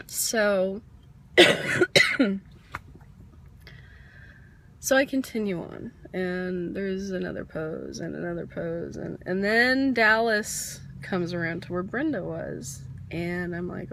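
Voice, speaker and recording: A woman's voice: medium pitch, expressive, takes it slowly, pauses often, slight background noise. A woman telling a candid, rambling personal story in a vlog, laughing at herself now and then, getting over a cold with an occasional cough. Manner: candid, rambling, self-deprecating with soft laughs. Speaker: vlogger.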